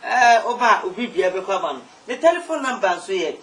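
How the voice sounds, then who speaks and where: A man hosting an interview and closing the show, announcing details briskly and clearly. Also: high-pitched, sing-song, a bit bright. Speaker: host, interviewer. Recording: distant mic with faint noise.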